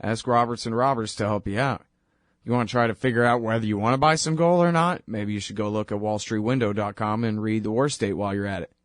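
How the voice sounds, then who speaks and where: A man hosting his own radio show, talking in a rambling, wry, conversational way full of quick asides. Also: on the low side, no room sound, studio quality. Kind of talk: casual monologue.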